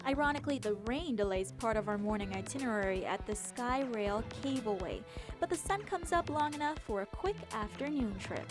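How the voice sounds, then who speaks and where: A woman TV travel reporter narrating a travel feature and interviewing locals in a bright, upbeat, curious way. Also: on the high side, lively intonation, a little fast. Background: music.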